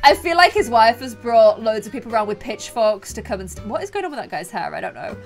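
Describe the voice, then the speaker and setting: A woman's voice: a little high, very animated, fast talker, faint music behind. A woman giving playful, dramatic commentary over a video game and often breaking into laughter. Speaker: gaming video host.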